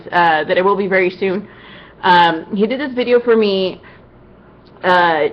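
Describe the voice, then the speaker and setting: A woman's voice: on the low side, lo-fi sound. A woman cosplayer answering fan questions in a casual vlog, chatty and upbeat with lots of "you know" asides.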